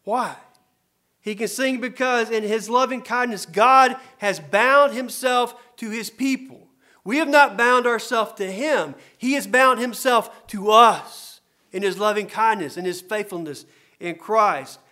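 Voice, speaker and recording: A man preaching a sermon as a pastor, earnest and repetitive for emphasis, dropping to soft murmurs and rising to loud, emphatic cries. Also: high voice, a little slow. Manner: earnest, repeats phrases for emphasis.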